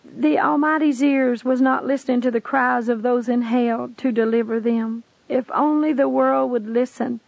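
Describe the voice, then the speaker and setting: A woman's voice: a little high, steady tone, normal speed, vocal fry, hardly any pauses, a little mellow, dry recording, lo-fi sound. A woman earnestly recounting a dramatic personal testimony, telling it intensely as a narrator.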